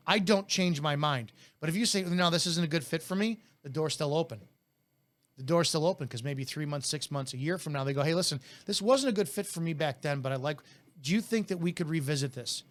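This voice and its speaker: Man, high voice, blunt, aggressive, in-your-face sales coaching talk. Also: fairly quick, fairly bright tone. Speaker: network marketing trainer.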